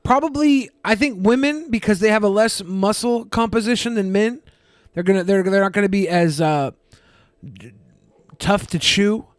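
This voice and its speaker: A man co-hosting a talk podcast, chatting casually with deadpan jokes. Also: high-pitched, normal speed, no room sound, clean studio sound. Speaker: podcast co-host. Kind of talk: casual joking chat.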